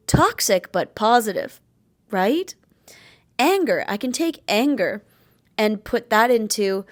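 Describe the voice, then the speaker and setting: A woman's voice: mid-range voice, animated, a little slow. Blunt, swearing woman vlogger. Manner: blunt, swears freely, emphatic. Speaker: vlogger sharing chronic illness tips. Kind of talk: candid talking-to-camera advice.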